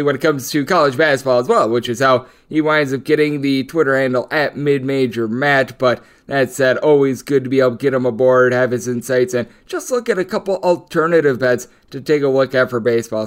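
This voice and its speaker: A man hosting a sports betting podcast, running through odds, lines and player stats in a steady stat-packed rundown. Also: medium pitch, clear, resonant tone. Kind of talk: solo sports betting analysis.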